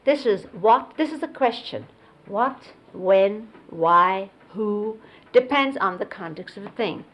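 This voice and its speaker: Slow, unhurried woman telling old stories. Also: mid-range voice, very animated, low-quality recording. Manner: unhurried, explains and demonstrates hand gestures. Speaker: close companion recounting memories of a spiritual teacher. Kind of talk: reminiscing storytelling. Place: 1970s videotaped sit-down interview.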